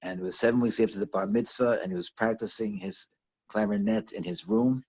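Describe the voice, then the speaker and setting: A man teaching a lesson over a video call, telling a story in a halting way with lots of restarts and fillers. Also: fairly low pitch, sing-song, gravelly, a little mellow, low-quality recording. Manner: halting, repeats words, many fillers.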